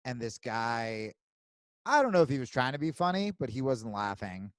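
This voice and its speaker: A man hosting a podcast, telling stories in a casual, profane, animated way. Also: medium pitch, moderate pace, smooth, no echo. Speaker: podcast host.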